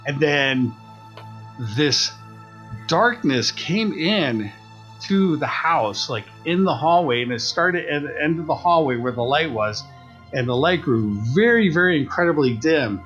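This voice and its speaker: A man's voice: on the high side, measured pace, lo-fi sound, faint music behind. A man co-hosting a podcast, casually telling a story and acting out the voices of the people in it. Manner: animated retelling, acts out quoted voices. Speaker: podcast co-host.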